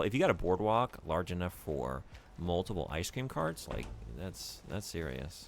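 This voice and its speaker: Streamer, male, very low voice, lively and rambling casual commentary. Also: moderate pace, vocal fry, slight background noise. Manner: animated, rambling, chats with viewers.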